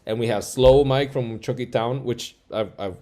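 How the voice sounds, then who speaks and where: In a casual interview, a male music producer with a mid-range voice tells stories at a moderate pace. He's animated, acts out quoted dialogue, and constantly drops fillers like "like" and "yo."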